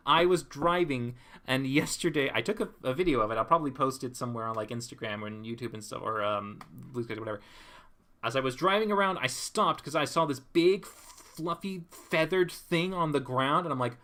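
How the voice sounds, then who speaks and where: Reading chat aloud as he draws on a livestream, this young man from California jokes and laughs through his casual riffs on viewers' comments. His voice is medium in pitch and a little bright.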